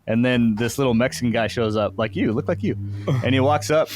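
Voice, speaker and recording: A man's voice: mid-range voice, fairly quick. A man telling a long anecdote in casual podcast chat. He rambles, leans on "like" a lot, and slips into different voices for the people in his story.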